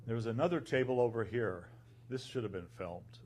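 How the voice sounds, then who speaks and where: A man who is an abbot, telling an anecdote in a conference talk and recounting the dialogue in an unhurried way. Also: medium pitch, noisy background.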